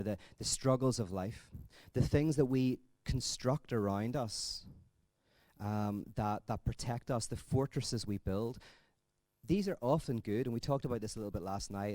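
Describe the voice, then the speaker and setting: A man giving a conference talk in a conversational, thinking-aloud way, telling jokes with lively energy. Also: lowish voice, dry recording. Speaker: conference speaker.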